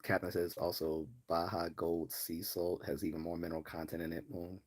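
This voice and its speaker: Man, very low voice, from Baltimore, livestream host, rambling chat with fillers. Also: level tone, brisk. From Baltimore, US East Coast. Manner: rambling, many fillers and restarts, laughs easily. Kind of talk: casual live-stream chat.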